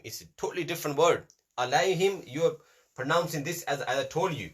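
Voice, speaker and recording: This Quran reading teacher is a man teaching a class on letter pronunciation, patiently drilling the sounds through repetition and slipping in brief Hindi-Urdu asides. His mid-range voice is expressive, fast, husky, and fairly bright.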